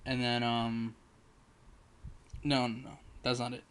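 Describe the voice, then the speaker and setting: A man's voice: medium pitch, monotone, slow, fairly bright tone, clean tone. A man giving a casual spoken movie review, rambling through the plot with lots of fillers. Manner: rambling retelling full of fillers.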